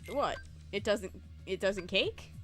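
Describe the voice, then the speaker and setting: A woman's voice: mid-range voice, lively intonation, slow pace, a bit bright, soft background music. A woman hosting a casual game stream, playful and giggly as she teases her guest. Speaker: host. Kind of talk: casual chat while gaming.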